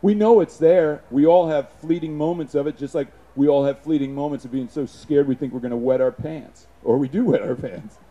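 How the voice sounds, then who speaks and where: A man giving an impassioned, profane public speech, punctuated with shouted sound effects. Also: on the high side, fairly quick, few pauses, dull audio.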